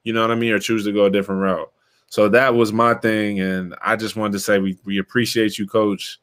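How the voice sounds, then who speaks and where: A young man hosting a casual chat, telling a story in an animated, slangy way and calling his listener bro. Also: lowish voice, brisk. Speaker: podcast host, former player.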